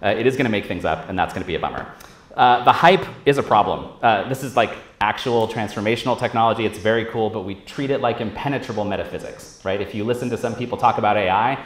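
A man's voice: fairly low pitch, fast. A man giving a casual, profane conference talk on stage, acting out quoted voices as he goes. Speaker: conference speaker. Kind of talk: live tech conference talk. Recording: roomy hall echo.

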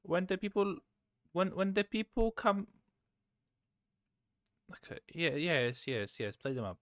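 A man streaming a cooking game, chatting casually, swearing and suddenly shouting. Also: high voice, big pitch swings, unhurried, no room sound, clean studio sound. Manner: chaotic, swears, bursts of shouting. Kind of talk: casual gameplay chat.

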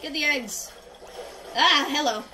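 A woman doing gameplay commentary, reacting loudly with exclamations and self-conscious laughter. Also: high-pitched, slow pace, far from the mic, a little hiss or hum, poor audio. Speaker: gaming YouTuber. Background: game music.

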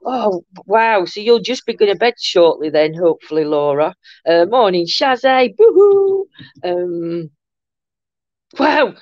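A woman's voice: on the low side, lively intonation, a little slow, darkish tone, no echo. Chatty older woman livestream host. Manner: chatty, greets viewers with endearments, giggly. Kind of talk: casual live chat reading comments. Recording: muffled lo-fi dry room sound.

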